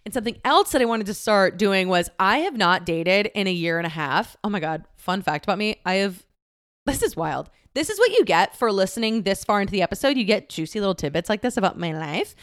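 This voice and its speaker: Chatty young woman with a smooth voice, candidly telling personal stories on her podcast. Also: mid-range voice. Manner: chatty, animated, swears and laughs often. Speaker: podcast host.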